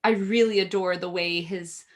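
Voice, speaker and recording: A woman's voice: fairly low pitch, fairly even intonation, normal speed, a little hiss or hum. A woman, an opera singer co-hosting a casual chat, who talks in a gushing, rambling way.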